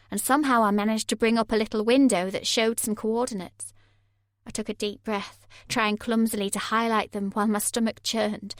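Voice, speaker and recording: A woman narrating a thriller audiobook in the first person, measured and tense. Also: on the high side, no room sound, studio quality.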